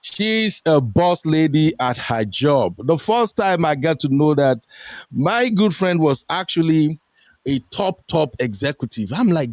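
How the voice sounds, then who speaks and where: A young Nigerian man hosting a casual online talk show, animated and full of pitch jumps as he quotes people. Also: measured pace, no echo, studio quality. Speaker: host. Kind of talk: casual chat. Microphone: streaming headset mic.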